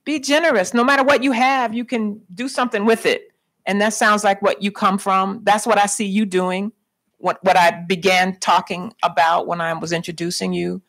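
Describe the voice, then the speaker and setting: A woman's voice: mid-range voice, level tone, normal speed, a bit bright. A woman poet interviewing an author onstage, asking searching, thoughtful questions. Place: library stage before an audience.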